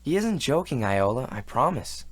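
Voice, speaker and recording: A man's voice: medium pitch, very animated, moderate pace, husky, no room sound. An earnest teenage boy detective. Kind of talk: video game voice acting.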